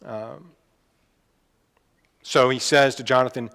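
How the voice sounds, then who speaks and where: A man preaching a sermon in a casual, conversational way, pausing with fillers and asides. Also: medium pitch, fairly bright tone. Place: church hall. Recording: long reverb of a church hall.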